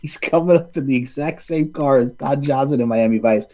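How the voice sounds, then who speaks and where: A man hosting a casual film chat, excitedly retelling scenes and quoting lines in funny voices. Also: mid-range voice, brisk, lo-fi sound. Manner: animated, quotes movie lines in funny voices. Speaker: podcast host.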